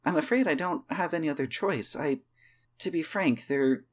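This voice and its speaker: A man's voice: on the high side, normal speed, pitched above the performer's own voice, lightly acted. A man voicing a composed, polite female church teacher in a tabletop game. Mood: formal.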